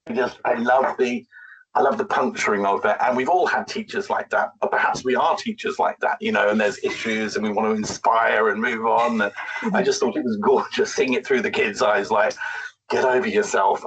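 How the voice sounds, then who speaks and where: A man's voice: mid-range voice, steady tone, fairly quick, fairly bright tone, distant mic, a little hiss or hum, rough recording. A man reading a children's book passage aloud with a mild stammer, then talking about it in a book discussion.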